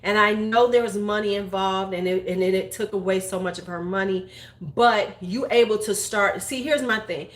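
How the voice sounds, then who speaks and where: A woman's voice: mid-range voice, normal speed. Woman, forties, blunt, profane, rambling opinion chat, echoey room. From United States. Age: 40s. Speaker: beauty YouTuber. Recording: roomy echo.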